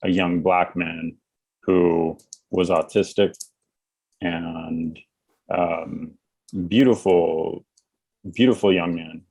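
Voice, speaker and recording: A man talking as a podcast guest, measured and searching for words. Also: deep voice, steady tone, a little mellow, dry recording, rough recording. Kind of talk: podcast discussion.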